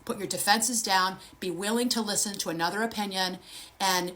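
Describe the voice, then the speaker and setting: A woman's voice: medium pitch, fairly even intonation, normal speed, fairly bright tone. A woman in her fifties talks to camera as a therapist and life coach. She sounds earnest and direct, and she speaks to viewers personally. Her delivery is loose and conversational, with frequent restarts. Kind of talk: advice monologue to camera.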